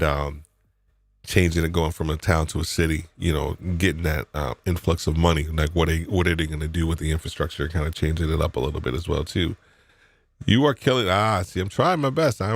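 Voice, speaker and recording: Low-voiced rambling man from New York. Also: dry recording. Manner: rambling and animated, with frequent restarts and laughs. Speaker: podcast co-host. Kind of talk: casual live podcast chat.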